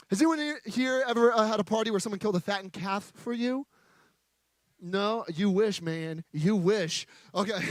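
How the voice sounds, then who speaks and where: High-voiced joking male preacher. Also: dry recording. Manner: playful, joking, chatty. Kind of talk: sermon with audience interaction. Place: stage before a live audience.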